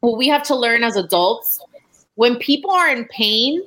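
A woman gives advice in casual chat and lays out each point with emphasis. Her voice is somewhat high. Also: expressive, moderate pace, fairly bright tone, low-quality recording.

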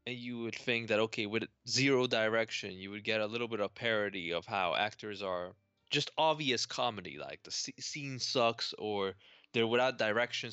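A man's voice: medium pitch, sharp tone, no room sound, highs cut off. A man co-hosting a film podcast, critiquing a movie in casual talk and acting out characters' lines. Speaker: podcast co-host.

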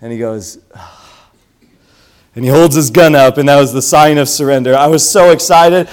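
Animated preacher man telling a story. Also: on the high side, a little slow, smooth. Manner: animated storytelling, swings between loud calls and hushed asides. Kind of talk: sermon.

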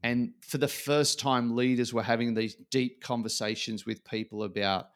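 A man's voice: medium pitch, moderate pace. A man, a podcast guest chatting casually and acting out quotes as he tells stories. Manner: animated storyteller acting out quotes.

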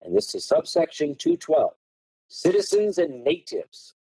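A man explaining law on a podcast, reading passages aloud and hammering key words with swooping, lively pitch. His voice is dark and slightly husky, recorded dry and close. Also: measured pace, no echo, low-quality recording. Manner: emphatic, stresses key words with tone changes; reads legal texts aloud in a lecturing way. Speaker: podcast guest.

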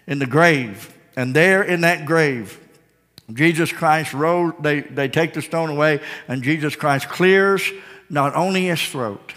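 Guy preaching, high bright voice, echoey church hall, gets loud and shouty. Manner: preaching with call-outs, building to shouted climaxes. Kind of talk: sermon.

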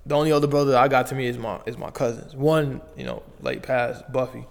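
A man's voice: medium pitch, fairly even intonation, fairly quick, vocal fry, long reverb tail. A young man from Las Vegas, a basketball player telling his story in loose, slangy casual talk full of fillers and restarts. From Las Vegas, USA.

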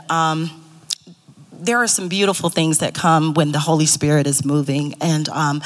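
Woman, guest, reflective testimony, low voice, reverb. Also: a bit bright. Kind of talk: casual faith testimony.

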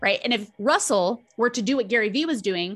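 Woman coach on a podcast, smooth and methodical, keeps saying right?, voice a bit high. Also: expressive, a little fast. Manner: fluent, lays out ideas in lists, often adds "right?". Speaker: business coach, guest. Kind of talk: conversational explaining.

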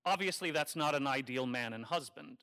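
A man preaching a homily in a conversational, wry way, teasing his listeners and slowing down to stress key phrases. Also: mid-range voice, sharp tone. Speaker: Catholic priest. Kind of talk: sermon.

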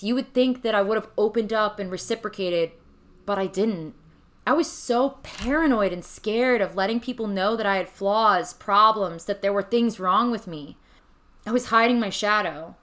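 A woman's voice: medium pitch, fairly bright tone. Frank, swearing woman podcaster. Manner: frank and confessional, swears casually. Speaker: podcast host. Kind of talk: candid solo podcast monologue.

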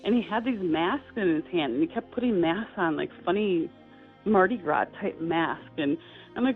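A middle-aged woman, an interview guest, telling a personal story in a halting, heartfelt way with many fillers and restarts. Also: lowish voice. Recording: tinny phone-line sound with faint music.

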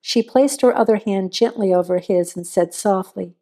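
A woman narrating a suspense story in a measured, suspenseful reading. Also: medium pitch, dark tone.

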